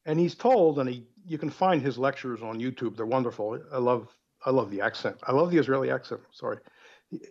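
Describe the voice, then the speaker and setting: Male guest author, animated and digressive, fairly high voice, muffled lo-fi audio. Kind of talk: conversational interview.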